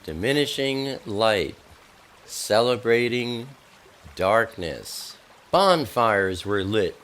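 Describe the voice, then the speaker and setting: A man teaching as a minister, reading history and scripture aloud in a deliberate, warning manner. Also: on the low side, lively intonation, a bit bright. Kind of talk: teaching talk.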